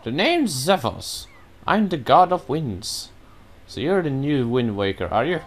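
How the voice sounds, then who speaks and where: A man's voice: medium pitch, very animated, a little slow, pitched above the performer's own voice. A man voicing a cheerful male wind god from a video game as he reads the game dialogue aloud in a raised, drawling voice. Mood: folksy.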